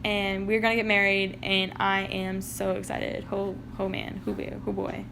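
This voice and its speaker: A man's voice: high voice, completely flat delivery, moderate pace, vocal fry, noisy background. A woman voicing a lovestruck young male suitor who gushes in slangy bro talk. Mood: gushing. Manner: slangy, gushing.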